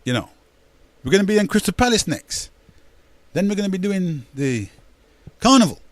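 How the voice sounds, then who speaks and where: A man's voice: sits high, big pitch swings, normal speed, no echo. An older man, hosting a radio talk show in a rambling, emphatic monologue that repeats words and addresses listeners as brethren.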